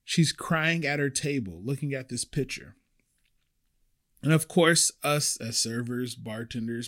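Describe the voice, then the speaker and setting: A man's voice: medium pitch, a bit bright. A man who works as a restaurant server, earnestly telling a personal story in a conversational way with many restarts.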